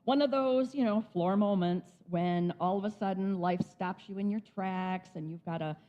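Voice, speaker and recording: Excited woman speaker at a spiritual center, bubbly talk, kinda muffled recording. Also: mid-range voice. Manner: bubbly, enthusiastic. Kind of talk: inspirational talk.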